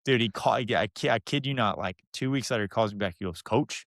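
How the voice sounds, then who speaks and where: As a guest on a podcast, a young Texan spins a long, lively story and acts out its characters. He speaks quickly in a fairly low voice, recorded at studio quality with no echo.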